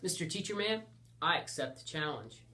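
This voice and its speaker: An eager, boastful schoolboy hero with a bright, raised voice, as a man puts him on. He makes grand, excitable declarations, as in a comic storybook. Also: on the high side, normal speed, voice pushed up. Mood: grandiose.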